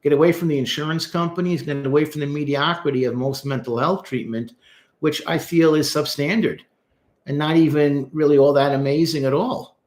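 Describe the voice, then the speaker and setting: Animated man therapist, slightly high voice. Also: a little fast. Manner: animated, talks straight to the viewer. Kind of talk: casual commentary breaking down song lyrics. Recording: echoey room.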